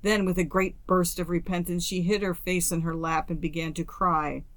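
A woman reading a classic story aloud as an audiobook narrator, in a steady, measured way. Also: on the low side, no room sound. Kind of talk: scripted narration.

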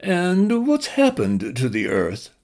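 A man's voice: high voice, huge pitch swings, slow, darkish tone, voice pushed up, heavily acted. A man voicing a bewildered Englishman with a plummy, nasal voice.

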